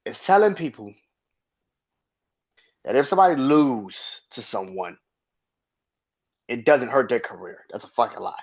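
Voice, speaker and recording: A man's voice: mid-range voice, animated, a little slow, long pauses. A man hosting his own podcast, ranting in a heated, profane and emphatic way. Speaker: podcast host. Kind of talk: solo podcast rant. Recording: dull lo-fi sound.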